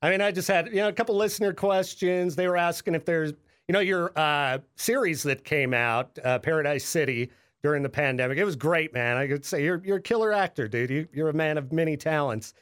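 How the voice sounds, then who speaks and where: A man's voice: on the high side, brisk, a bit bright, clear, resonant tone. A man in his late thirties hosting a podcast, easygoing and friendly, calling his guest man and dude. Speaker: podcast host. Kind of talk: casual chat.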